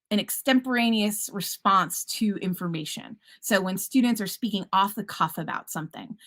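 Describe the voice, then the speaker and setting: A woman teacher giving a conference presentation, upbeat and enthusiastic, with casual fillers and self-corrections. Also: medium pitch. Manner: upbeat, enthusiastic, a bit punny.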